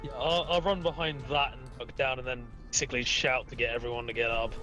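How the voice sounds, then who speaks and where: A man with a mid-pitched voice plays an online tabletop game, chatting loosely and swearing freely. Faint music sits under his voice. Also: steady tone, quick pace, bright, forceful tone. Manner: casual, swears often. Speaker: player. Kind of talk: casual chat while playing a tabletop game.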